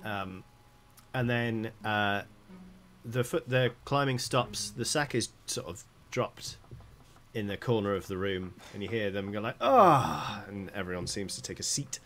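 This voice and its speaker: A man's voice: on the low side, steady tone, a little slow, fairly bright tone. A man narrating as dungeon master, describing scenes loosely with lots of fillers. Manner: rambling, filler-heavy description. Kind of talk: narrating a tabletop game.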